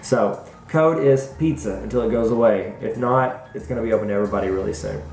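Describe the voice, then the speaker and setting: A man's voice: on the low side, fast, vocal fry, a little mellow. Playful Southern man in echoey room. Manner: playful, self-mocking, rambling. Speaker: school principal answering viewer questions. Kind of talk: casual Q&A vlog. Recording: echoey room with faint music.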